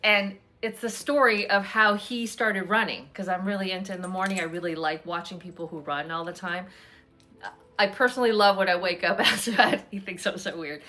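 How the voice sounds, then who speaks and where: A woman's voice: mid-range voice, fairly even intonation, brisk, sharp tone, faint music behind. A woman hosting a casual chat at home, talking in a rambling, chatty way with many fillers. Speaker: host.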